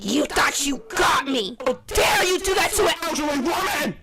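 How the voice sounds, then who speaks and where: A woman voicing a cranky elderly neighbor in a comedy skit, grumbling and bursting into shouted rants. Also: lively intonation, normal speed, close to an everyday voice. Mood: triumphant. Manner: grumbling, shrill shouting outbursts.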